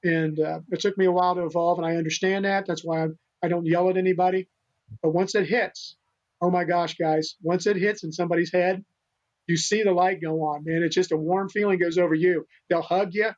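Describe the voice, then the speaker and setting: A man's voice: high-pitched, fairly even intonation, brisk, darkish tone. An older man, a guest telling stories about animal rescue in an earnest, rambling way with many restarts, on a dull recording. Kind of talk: storytelling interview talk. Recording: dull lo-fi sound.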